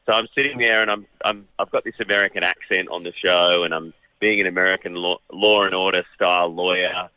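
Deep-voiced Australian man telling stories. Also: clear, resonant tone, no room sound, poor audio. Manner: animated, quick, frequent restarts. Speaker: actor and voice-over artist, radio guest. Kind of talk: chatty anecdote telling.

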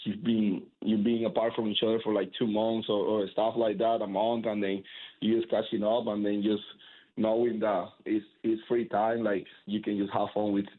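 A man, a professional baseball pitcher, answering interview questions casually, rambling with lots of fillers and restarts. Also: flat delivery, normal speed. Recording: tinny phone-like sound.

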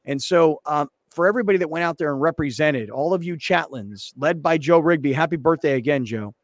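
A man's voice: brisk, no echo, clean studio sound. A man hosting a sports radio show, telling stories in casual banter and mimicking others. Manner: animated storyteller, mimics others with high voices.

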